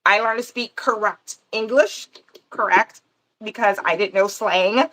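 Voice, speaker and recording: A woman's voice: medium pitch, unhurried, fairly bright tone. A woman from Panama hosting a gardening channel, chatting casually on a livestream and answering viewer comments as she goes.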